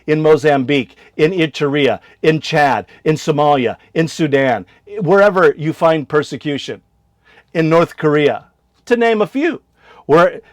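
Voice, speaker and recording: A man, a missionary and show host, preaching in a casual monologue, firing rhetorical questions and swinging between loud bursts and quiet asides. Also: mid-range voice, no room sound, studio quality. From United States.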